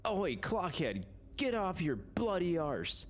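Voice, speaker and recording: A man's voice: sits high, big pitch swings, unhurried, a little hiss or hum, voice pushed up. A man putting on a crude, hot-tempered young British man with a put-on British accent, talking in an insulting, exaggerated way. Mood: annoyed.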